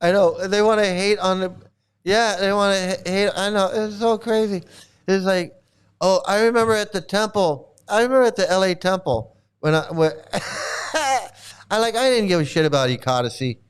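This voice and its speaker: A man chatting casually and rambling, swearing freely, often laughing and mimicking others in quick asides. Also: high voice, clear, resonant tone. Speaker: streamer answering chat. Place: home in Thailand.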